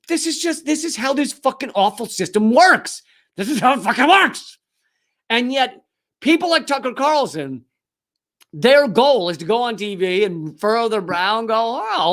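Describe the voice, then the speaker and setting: High-voiced, profane male comedian ranting. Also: fairly bright tone. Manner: profane, sarcastic, heated. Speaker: comedian host. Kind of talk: comedic political rant.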